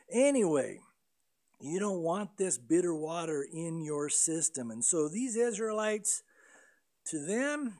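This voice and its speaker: A man preaching a sermon as pastor, animated and conversational, acting out prayers and complaints in quoted voices. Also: high voice. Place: church sanctuary.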